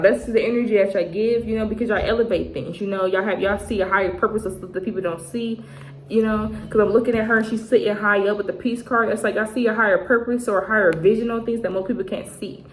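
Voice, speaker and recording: A woman in her twenties giving a casual tarot reading to her viewers, chatty and full of slang, often acting out what other people say. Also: mid-range voice. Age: 20s. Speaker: tarot reader. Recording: echoey room with faint noise.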